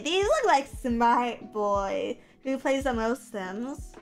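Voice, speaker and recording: High-voiced, animated woman streamer. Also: very slow, hardly any pauses, soft background music. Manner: animated, profane, self-mocking. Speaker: livestreamer. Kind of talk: casual chat reading viewer comments.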